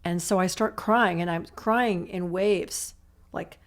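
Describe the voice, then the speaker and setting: A woman's voice: on the low side, slow pace. A woman telling her own recovery story in conversation, speaking in emotional, run-on sentences full of "I'm like" asides. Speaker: author and recovery guest.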